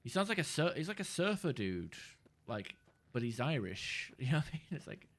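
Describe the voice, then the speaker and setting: A man's voice: a little high, sing-song, brisk, fairly bright tone. A man streaming a game, chatting casually in a rambling, sweary way that keeps cutting himself off. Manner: rambling, sweary, self-interrupting. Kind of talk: casual gameplay chat.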